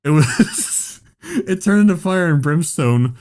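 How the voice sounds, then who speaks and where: Animated, swearing man telling a story. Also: fairly high pitch, slow, noisy background. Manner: animated and profane, laughing at his own story. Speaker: podcast host. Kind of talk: casual storytelling chat.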